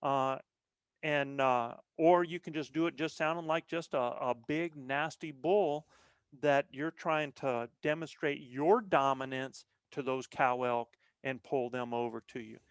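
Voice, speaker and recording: A man's voice: medium pitch, unhurried, clean tone, no room sound. A man talking as a podcast guest, explaining things earnestly in a casual chat with frequent restarts. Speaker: podcast guest, veteran elk bowhunter.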